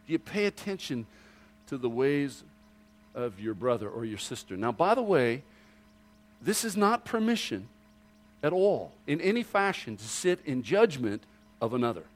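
A man preaching a sermon to his congregation, asking rhetorical questions and dropping low and quiet for emphasis. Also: big pitch swings, measured pace, long pauses. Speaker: pastor.

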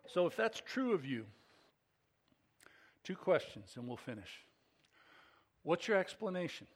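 A man's voice: sits high, unhurried. Emphatic middle-aged male pastor preaching. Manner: swings between hushed and emphatic, rising to excited peaks. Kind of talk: sermon.

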